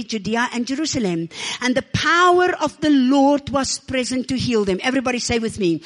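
A woman preacher telling her story in an animated sermon, calling on the congregation to respond, her voice a little rough from a damaged vocal cord. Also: high-pitched. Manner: animated storytelling, calls for amens and praise.

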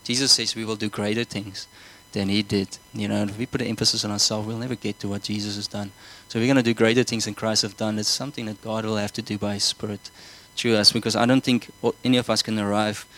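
Over poor audio, a man with a lowish, slightly bright voice gives an earnest sermon. He repeats himself often and keeps checking whether the congregation follows him.

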